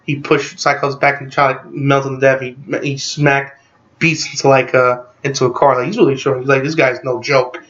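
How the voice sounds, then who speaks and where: Rambling excited man recapping a movie. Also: mid-range voice, brisk, dull audio. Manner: rambling, excited, heavy use of "like" fillers. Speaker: movie reviewer. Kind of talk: casual spoiler-filled movie recap.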